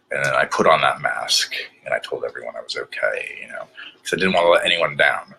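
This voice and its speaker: A man's voice: very deep voice, fairly quick, vocal fry, pushed and bright, breathy edge. A worn-out man rambling through a candid video diary in a self-described bad British accent, hesitant and full of fillers. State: mentally exhausted. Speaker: vlogger.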